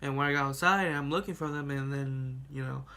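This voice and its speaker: A young man telling a childhood story in a casual vlog, rambling and animated, laughing and swearing as he goes. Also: mid-range voice, a little fast. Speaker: vlogger.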